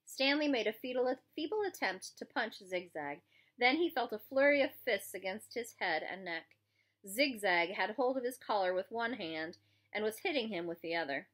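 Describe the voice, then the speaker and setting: Expressive woman reading a novel aloud. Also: mid-range voice, normal speed. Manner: expressive storytelling. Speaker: reader.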